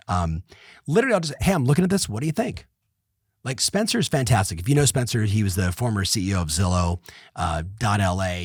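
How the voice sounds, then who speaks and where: A middle-aged man hosting a podcast, giving an energetic motivational business talk that repeats points and speaks straight to listeners. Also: medium pitch, no echo, studio quality. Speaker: podcast host and business coach.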